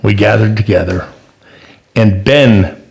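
A middle-aged man hosting a podcast, telling a family story in a casual, animated way and acting out the voices in it. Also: lowish voice, slow, vocal fry, a crowd in the background. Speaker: podcast host and father.

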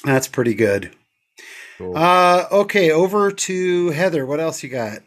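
A man's voice: fairly high pitch, sing-song, measured pace, fairly bright tone. Man, middle-aged, podcast host, earnest, casual chat, home office. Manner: earnest, gets emotional.

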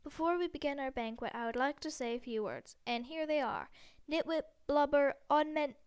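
A woman's voice: high voice, normal speed, close to an everyday voice. A woman voicing a beaming, whimsical elderly male wizard headmaster, giving a grand and playful welcome. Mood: jovial.

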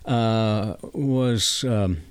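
A man in his sixties from Iowa, hosting a casual interview and telling stories in an unhurried, rambling way. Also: on the low side, clean tone, no room sound. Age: 60s. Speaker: host.

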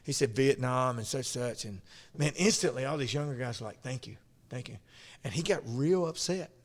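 A man's voice: mid-range voice, brisk, in a large hall. A man telling a story in casual conversation, rambling and restarting as he goes.

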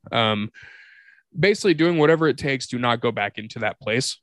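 A mid-pitched man talks frankly on a podcast, telling a personal story with plenty of swearing. His delivery is loose and confessional, the way comedians chat with each other. The voice sits close and dry on the mic. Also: lively intonation, brisk, no echo. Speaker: podcast co-host. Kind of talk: candid comedic podcast conversation.

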